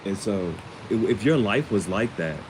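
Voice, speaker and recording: A man's voice: lowish voice, lively intonation, moderate pace, background noise. A man casually recapping a TV episode in slangy, rambling speech with many restarts. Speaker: vlogger.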